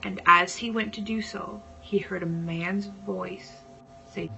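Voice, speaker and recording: A woman vlogger telling a personal story casually, dramatic and at times dropping into hushed whispers. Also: mid-range voice, fairly even intonation, takes it slowly, creaky, dull audio, faint music behind.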